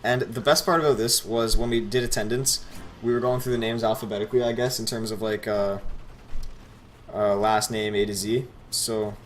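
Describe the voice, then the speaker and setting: A teenage boy rambles through a story over a game, sarcastic and quick to swear. His voice sits on the low side. A faint hum runs behind him. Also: fairly even intonation. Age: teens. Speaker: gameplay commentator. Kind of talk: casual storytelling over gameplay.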